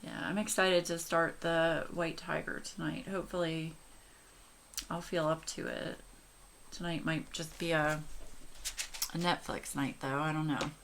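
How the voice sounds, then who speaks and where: A woman's voice: deep voice, level tone, measured pace, vocal fry, long pauses, a bit bright, a little hiss or hum. A woman in her forties chatting casually and gushingly to her viewers while she colors. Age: 40s. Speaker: coloring channel host.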